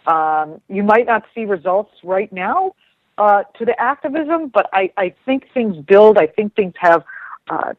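A woman's voice: medium pitch, lively intonation, measured pace, no echo. A woman chatting casually as a guest on a radio talk show, rambling with frequent restarts. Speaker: guest commentator. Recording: dull lo-fi radio sound.

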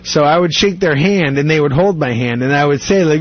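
A man's voice: a little high, a little fast, no echo, lo-fi sound. A man telling stories in a casual chat, rambling and laughing often. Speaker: guest.

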